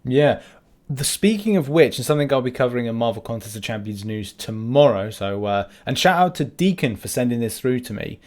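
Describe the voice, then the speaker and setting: A man's voice: mid-range voice, lively intonation, a little fast, a little mellow. A man hosting a casual gaming podcast, jokey and self-deprecating in easy chat. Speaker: podcast host.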